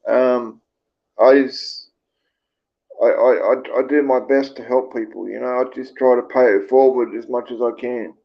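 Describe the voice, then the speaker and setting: A man's voice: medium pitch, fairly even intonation, measured pace, vocal fry, dull audio. A man with an Australian accent hosting a casual livestream, rambling with lots of fillers and swearing freely as he reads viewer comments. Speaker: livestream host.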